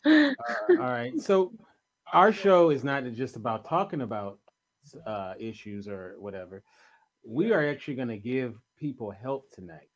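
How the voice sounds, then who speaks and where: A man's voice: mid-range voice, very animated, normal speed. A man hosting a talk show, upbeat and playful as he sets up a segment. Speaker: host.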